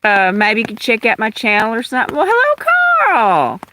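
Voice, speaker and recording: A woman's voice: medium pitch, fairly quick, bright, forceful tone, a little hiss or hum, rough recording. A woman from Louisiana with a Southern accent, chatting casually on a livestream, greeting viewers by name while holding her phone under an umbrella outdoors in the rain. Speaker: livestream host. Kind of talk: casual live chat with viewers. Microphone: phone held in hand.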